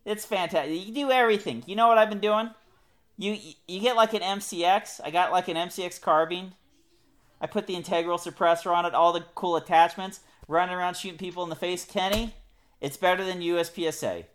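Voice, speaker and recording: A man's voice: high voice, fairly quick, a bit bright. Upbeat joking man chatting. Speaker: podcast co-host. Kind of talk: casual chat.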